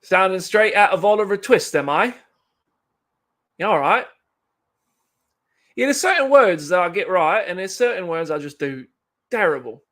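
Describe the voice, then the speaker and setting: A man voicing a cheeky, loud mock-British bloke in a deliberately overdone put-on British accent, teasing. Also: sits high, animated, voice pushed up.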